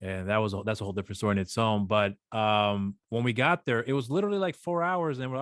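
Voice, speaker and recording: A man's voice: fairly low pitch, fast, hardly any pauses, smooth, dry recording, studio quality. A man co-hosting a podcast, chatting casually and telling a long rambling story with acted-out voices. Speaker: podcast co-host. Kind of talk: casual chat.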